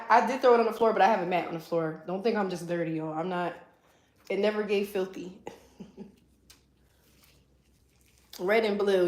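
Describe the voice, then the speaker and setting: A woman's voice: medium pitch, echoey room. A woman from the East Coast of the US, a hairstylist chatting casually on a livestream while she works, teasing her viewers and swearing freely. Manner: playful teasing, joking with the chat, swears freely. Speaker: hairstylist livestreaming a color removal. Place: salon suite.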